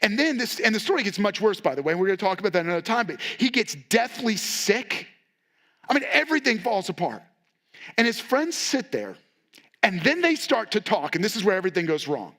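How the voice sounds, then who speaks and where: A man's voice: high-pitched, big pitch swings, a little fast, a bit bright. A male pastor giving a sermon in a conversational, candid way, acting out the quotes he reads. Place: church.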